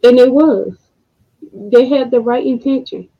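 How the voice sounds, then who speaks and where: A woman hosting a podcast, speaking in a casual monologue, emotional and frustrated, with slow deliberate pauses. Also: on the high side. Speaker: podcast host. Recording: dull lo-fi audio.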